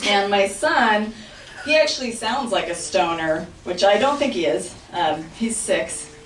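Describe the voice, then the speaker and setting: A woman's voice: mid-range voice, lively intonation, a little slow. A woman in her thirties, a mother and comedy student, trying out a stand-up set with hesitant ums and giggles. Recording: echoey room, far from mic, clear noise.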